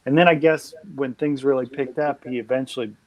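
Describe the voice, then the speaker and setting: A man's voice: medium pitch, fairly even intonation, brisk, low-quality recording. A man in casual conversation who often chimes in with short agreements. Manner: responsive, frequent short agreements. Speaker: conversation partner. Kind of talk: casual chat.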